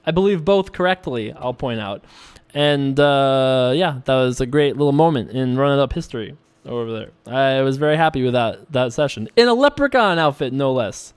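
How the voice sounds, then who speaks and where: A man's voice: medium pitch, moderate pace, clear, resonant tone. A young man hosting a poker channel, chatting casually and rambling as he plays and reads viewer questions aloud. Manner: rambling, chatty, self-correcting. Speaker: online poker vlogger. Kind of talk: casual commentary while playing.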